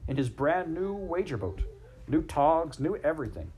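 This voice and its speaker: Jolly, gossipy male otter from a storybook, breezy and quick to chuckle, as a man puts him on. His voice sits higher than plain talk and swings lively from line to line. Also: low-quality recording. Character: sociable male water otter, chatty and jolly.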